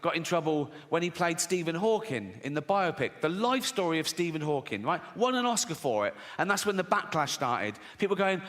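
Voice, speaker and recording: Brash British comedian, bright tone. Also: male voice, fairly high pitch, very animated, a little fast, few pauses. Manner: brash, profane, chuckles at his own jokes. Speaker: stand-up comedian. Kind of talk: stand-up comedy. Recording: long hall reverb, faint noise.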